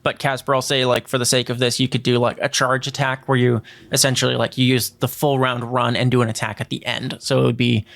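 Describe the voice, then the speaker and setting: A man narrating as game master in a tabletop game, relaxed and hesitant, with many fillers as he works out the rules. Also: mid-range voice, a little fast, gravelly, hardly any pauses, dry recording. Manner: relaxed, hesitant, lots of fillers while ruling.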